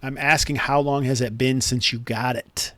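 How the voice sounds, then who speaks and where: An easygoing man runs an online tabletop game as game master, in a voice of middle pitch. He explains the rules patiently and chuckles now and then. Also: steady tone, moderate pace, bright, forceful tone, a little hiss or hum.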